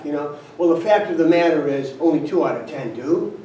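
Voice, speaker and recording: An older man tells folksy stories at a company gathering in a fairly high voice, dropping "right?" and chuckling as he goes. He is heard from a distance in a roomy space, with faint ambience behind him. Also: a little fast, few pauses, warm tone, a little hiss or hum. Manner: folksy, anecdotal, frequent "right?" asides and chuckles. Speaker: company founder giving a speech. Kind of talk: storytelling motivational speech. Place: event room at a company trip.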